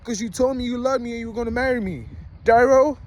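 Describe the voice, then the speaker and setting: A man's voice: very high voice, fast talker, slight background noise, pitched above the performer's own voice. A young man putting on the voice of a hurt, tearful young woman who pleads with her partner. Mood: pleading, hurt.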